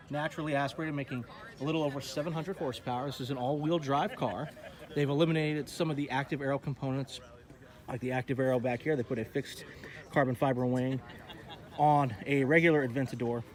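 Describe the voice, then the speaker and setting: A man's voice: mid-range voice, a little mellow. A man hosting a casual walkaround of an outdoor car show, chatty and enthusiastic, talking straight to his viewers. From Texas. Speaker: host.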